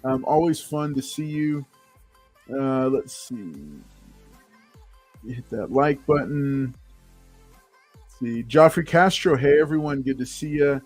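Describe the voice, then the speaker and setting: A man's voice: medium pitch, slow, long pauses, a little mellow, soft background music. A man hosting a casual livestream talk show, upbeat and chatty, greeting viewers from the chat. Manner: upbeat, reads chat names aloud, many fillers.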